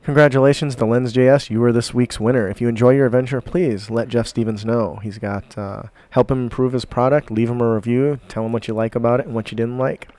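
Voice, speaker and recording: A man's voice: medium pitch, steady tone, fast, hardly any pauses, a little mellow, no room sound. A man co-hosting a casual podcast from the United States, laughing often and swearing casually. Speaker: podcast co-host.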